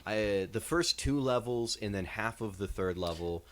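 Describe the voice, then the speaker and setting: Low-voiced man rambling in a podcast. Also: normal speed, a bit bright. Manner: rambling, explains at length. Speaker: podcast co-host reviewing games and movies. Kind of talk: casual chat.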